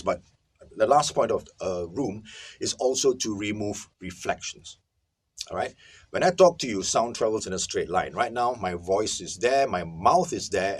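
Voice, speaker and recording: A man's voice: lowish voice, breathy edge. A man hosting a casual video lesson from a small soundproofed recording booth, recorded on a camera-mounted microphone. He explains emphatically and keeps checking in with his viewers. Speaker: host teaching audio recording. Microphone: camera-mounted microphone, no lapel mic.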